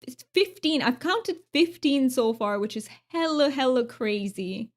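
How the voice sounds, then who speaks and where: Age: adult. Sex: woman. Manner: bubbly, giggly, chatty. Pitch: fairly high. Role: game streamer. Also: expressive, measured pace. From Romania. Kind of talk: casual live-stream chat.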